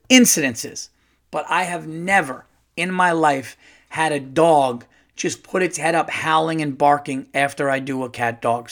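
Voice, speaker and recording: A middle-aged man, a stand-up comedian hosting his own podcast, tells a loose, animated story full of fillers. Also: on the high side. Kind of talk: casual solo podcast storytelling.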